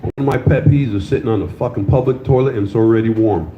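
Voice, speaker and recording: A man's voice: lowish voice, fast talker, a little hiss or hum. Older man doing crude stand-up. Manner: loose, crude storytelling with crowd banter. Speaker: stand-up comedian. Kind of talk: stand-up comedy set. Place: comedy club stage with audience. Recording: slightly dull, roomy live club sound.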